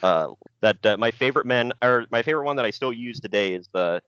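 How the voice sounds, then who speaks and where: A man's voice: medium pitch, animated, quick pace, a bit bright, smooth, no echo. A man hosting a podcast in casual chat, easygoing and rambling with lots of fillers and restarts. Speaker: podcast host. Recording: dull, lo-fi sound.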